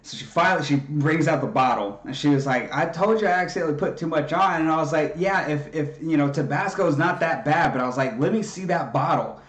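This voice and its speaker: Profane animated storytelling man, echoey room. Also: a little high, fairly quick, few pauses. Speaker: podcast co-host. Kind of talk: casual storytelling chat.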